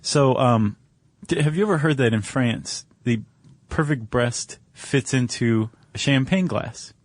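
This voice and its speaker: A man's voice: mid-range voice, unhurried, dry recording. A man co-hosting a podcast in casual chat, with a jokey, rambling manner, recorded dry in a studio. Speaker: podcast co-host.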